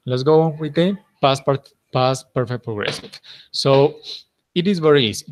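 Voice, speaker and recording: A man with a Colombian accent teaching an English class, patient and encouraging, correcting students slowly. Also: mid-range voice, a little hiss or hum.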